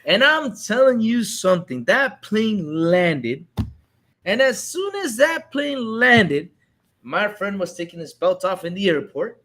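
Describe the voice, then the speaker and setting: A man telling a story in casual chat, animated, acting out the people in it. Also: sits high, slow pace. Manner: animated storyteller, acts out voices.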